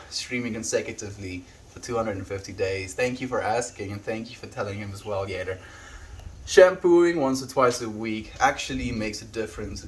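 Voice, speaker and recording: A man talking on a live stream, greeting viewers one by one and reading their messages aloud in an easygoing, friendly way. His voice sits at an ordinary middle pitch, and the talk rambles casually as he answers questions. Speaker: livestreamer.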